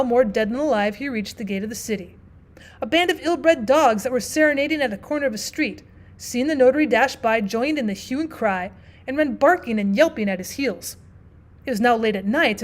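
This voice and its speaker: A woman teacher narrating a classic story aloud, expressive and lively, dropping in casual asides. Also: a little high. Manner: expressive, with frequent "well" asides.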